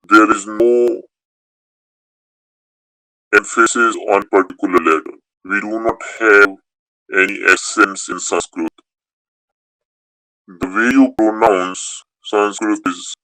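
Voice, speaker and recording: Low, bright-toned male language teacher. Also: no echo, low-quality recording. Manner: methodical, explains step by step with restarts. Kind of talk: online class, answering student questions.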